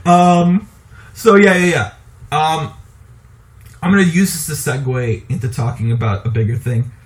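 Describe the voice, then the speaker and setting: A man co-hosting a podcast, talking casually about movies in an animated, opinionated way and laughing often. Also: on the high side, normal speed. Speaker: podcast co-host.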